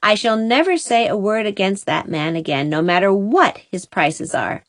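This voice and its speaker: A woman voicing a brisk, devoted older housekeeper in a storybook reading, with a bustling way of talking. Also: medium pitch, expressive, dry recording, lightly acted.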